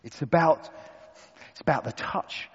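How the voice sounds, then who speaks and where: A man preaching a sermon to a gathered room, deliberate and emphatic with dramatic pauses. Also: a little high, husky, in a large hall, dull audio. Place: church hall with an audience.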